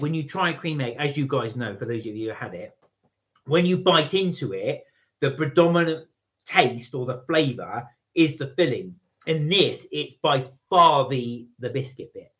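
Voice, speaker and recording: A man's voice: mid-range voice, animated, moderate pace, a bit bright, highs cut off. A man hosting a live stream, chatting casually and rambling as he tastes snacks and reads out viewer comments. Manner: chatty, rambling, reads chat messages aloud.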